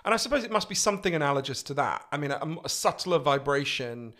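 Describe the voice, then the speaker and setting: A man with a posh English accent, a guest author telling animated, profane stories in casual podcast chat. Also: on the high side, fast. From England. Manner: animated, swearing storyteller.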